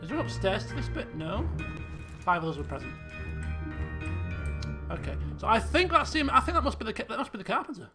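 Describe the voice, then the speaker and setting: This streamer's voice sits high and sing-song, brisk yet broken by frequent pauses. He muses and quizzes himself while assembling clues in a detective game, game music playing in the background.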